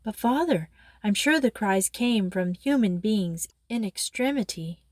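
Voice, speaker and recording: A woman's voice: medium pitch, animated, unhurried, darkish tone, no room sound. A woman voicing an earnest young daughter who pleads urgently. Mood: pleading.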